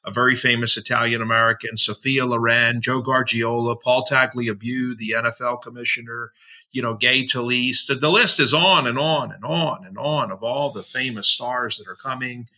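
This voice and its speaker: A middle-aged man speaks as a podcast guest, piling one anecdote onto the next with plenty of fillers and casual slang. His voice is bright and edgy, with a husky, breathy grain. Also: medium pitch, steady tone, normal speed. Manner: chatty, filler-heavy, slangy, acts out quoted voices. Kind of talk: rambling anecdotal storytelling.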